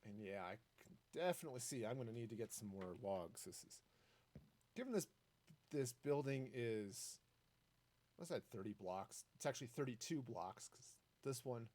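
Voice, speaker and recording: A man streaming a building game, chatting in a rambling, easygoing way as he plays. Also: moderate pace. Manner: chatty and rambling, lively swings in pitch. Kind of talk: casual gameplay commentary.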